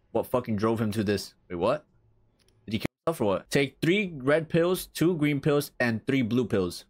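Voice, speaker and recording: A young man streaming a horror game, reacting with crude, excitable commentary and reading on-screen text aloud. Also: fairly low pitch. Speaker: gaming streamer.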